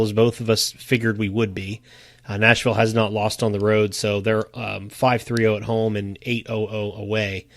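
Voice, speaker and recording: A man's voice: on the low side, dry recording. A man co-hosting a casual sports podcast, chatty and laughing often as he tells stories. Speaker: podcast co-host.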